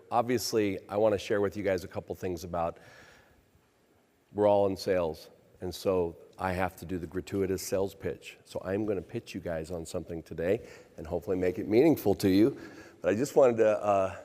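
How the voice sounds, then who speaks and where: A man's voice: on the low side, darkish tone. Man telling stories on a conference stage. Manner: anecdotal, self-deprecating, acts out quoted voices. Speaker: chief revenue officer. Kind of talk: conference keynote storytelling. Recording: reverberant conference hall.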